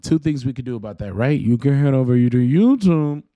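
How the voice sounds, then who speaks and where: A man's voice: mid-range voice, expressive, brisk, no room sound, highs cut off. A man with a Southern US accent, hosting a casual faith podcast, joking and rambling as he corrects himself. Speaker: podcast host.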